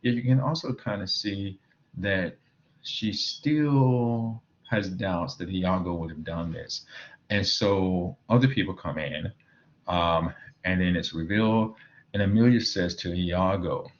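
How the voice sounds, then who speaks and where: Male teacher, deep voice, recorded lecture on a dull laptop mic, chatty with lots of "um". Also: slow. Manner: explains with frequent fillers and "right?", reading quoted lines aloud.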